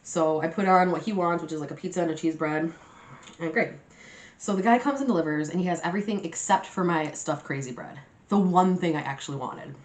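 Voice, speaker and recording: Young woman vlogger, low-pitched, casual swearing storyteller, roomy echo. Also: a little fast. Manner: chatty and animated, swears freely, laughs often. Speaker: mukbang vlogger. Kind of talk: casual storytime chat to camera. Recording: roomy echoey room.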